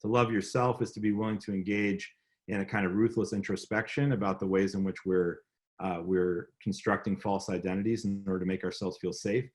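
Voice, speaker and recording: A man's voice: lowish voice, fairly even intonation, brisk, a little mellow. A man, an author speaking earnestly over a video call, often adding "right?" and restarting his sentences. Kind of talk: lecture then conversation on video call.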